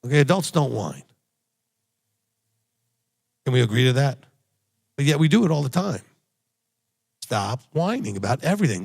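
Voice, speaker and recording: Blunt, animated preaching man. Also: medium pitch, moderate pace, gravelly, long pauses, slightly rough. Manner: blunt, emphatic exhortation, repeats key phrases. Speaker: rabbi. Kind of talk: recorded sermon teaching.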